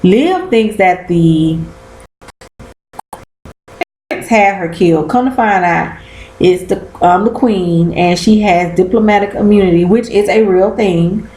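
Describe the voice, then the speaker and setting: A woman's voice: mid-range voice, a little slow, dark tone, reverberant, slight background noise, poor audio. A woman chatting casually about a TV episode, slangy and cussing as she acts out quotes. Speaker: vlogger recapping a TV episode. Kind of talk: casual chat.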